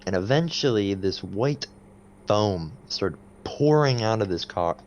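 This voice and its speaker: A man's voice: lowish voice, animated, a little slow, a little mellow, slight background noise. A young man co-hosting a casual podcast, rambling and laughing, often stopping to restart his sentences. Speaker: podcast co-host. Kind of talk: casual chat.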